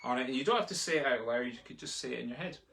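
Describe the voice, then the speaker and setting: A man's voice: medium pitch, very fast, creaky, a bit bright. A man teaching a live online drumming lesson from home, chatty and chanting the sticking aloud as he plays. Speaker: drumming tutor. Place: home room. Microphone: laptop in front of him. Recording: noisy, with drumstick clicks behind.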